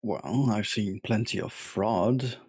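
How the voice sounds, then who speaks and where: A man's voice: fairly low pitch, slow pace, darkish tone, husky. A man playing in a tabletop game, talking casually and joking. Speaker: player. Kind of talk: casual chat at a gaming table.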